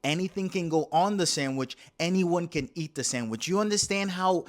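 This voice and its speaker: A man from Puerto Rico with a Puerto Rican accent, hosting a profane, animated comedy monologue that switches between English and Spanish. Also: sits high, moderate pace. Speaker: comedy show host.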